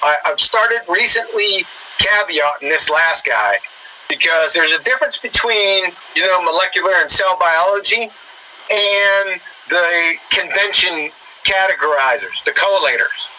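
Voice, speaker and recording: A man's voice: high-pitched, a little slow, bright, forceful tone, a little hiss or hum, low-quality recording. A man giving a sarcastic, lecturing commentary that mocks his targets.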